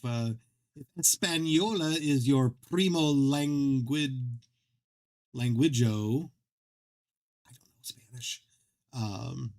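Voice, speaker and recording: Male streamer host; rambling, jokey, self-mocking casual chat. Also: mid-range voice. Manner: rambling, self-deprecating, joking, many restarts.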